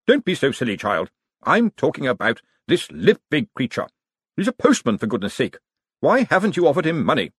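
A man voicing a haughty, spiteful aristocratic woman who snaps and scorns in shrill outbursts, in an audiobook. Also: huge pitch swings, moderate pace, husky, dry recording, clean studio sound. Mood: scornful. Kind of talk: audiobook character voice.

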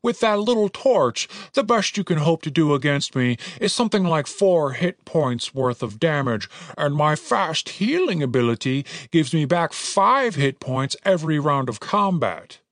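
A man's voice: on the high side, very animated, measured pace, hardly any pauses, a bit bright, dry recording, clean studio sound. A man voicing a pedantic, mocking male forest troll in an audiobook. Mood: smug. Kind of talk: audiobook character voice.

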